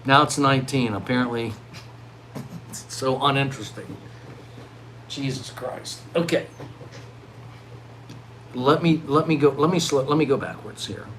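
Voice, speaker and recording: A middle-aged man vlogging live in a rambling monologue, swinging from loud, excited outbursts to low mutters. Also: unhurried, pauses often, a little hiss or hum, rough recording. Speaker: livestreaming vlogger.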